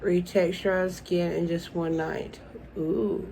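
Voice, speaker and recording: A woman's voice: fairly low pitch, fairly even intonation, slow, creaky, mellow, a little hiss or hum, low-quality recording. A young woman unboxing beauty products in a casual vlog, gushing and emotional and calling her viewers "y'all". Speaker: beauty vlogger.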